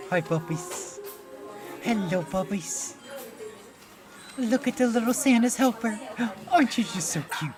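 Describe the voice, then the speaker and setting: A woman streamer talks slowly, her pitch leaping high as she coos baby talk at dogs. She keeps a casual reaction-commentary tone, gushing throughout. Music plays clearly behind her. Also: lively intonation.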